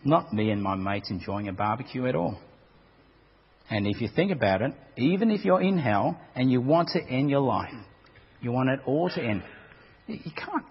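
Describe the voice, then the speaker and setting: A man's voice: mid-range voice, expressive, normal speed, breathy edge. A man preaching a sermon in a dramatic way, often repeating words as he goes. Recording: dull recording with long hall reverb.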